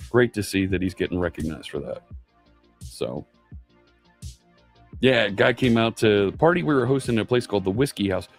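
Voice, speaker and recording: A middle-aged man, host of a live coding stream, chatting casually and answering viewers' messages out loud, with plenty of fillers. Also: fairly low pitch. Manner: chatty, reads chat aloud, many fillers. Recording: faint music underneath.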